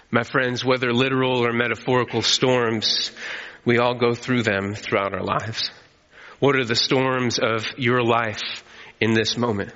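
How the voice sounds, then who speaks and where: A man preaching a sermon as pastor, telling the story with animated energy and calling on the congregation to respond. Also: mid-range voice, a little slow. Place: church hall. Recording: echoey hall, slightly dull.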